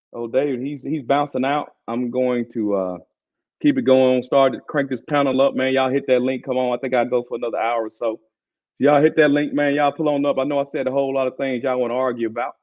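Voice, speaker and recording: Man, Southern accent, casual sports talk host, animated, slangy, muffled lo-fi audio. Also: mid-range voice, fairly quick. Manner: animated, slangy, repeats points with "bro". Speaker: podcast host.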